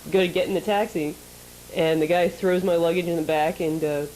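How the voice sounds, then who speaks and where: Giggly woman telling a lively story. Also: on the low side, brisk, a little hiss or hum, low-quality recording. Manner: animated, laughing storyteller, acts out voices. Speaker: show co-host. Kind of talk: casual storytelling chat.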